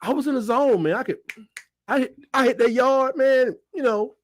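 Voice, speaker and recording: A middle-aged man runs a laid-back sports livestream, cracking jokes and reading chat comments aloud while his voice cracks into high squeals. He talks at a moderate pace, and there's no echo.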